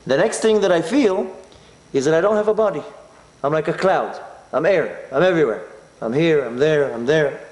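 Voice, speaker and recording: A man's voice: on the high side, moderate pace, roomy sound. A man from Israel, telling a personal story as a talk and acting out his own inner voice. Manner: animated, acts out his inner voice. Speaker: speaker.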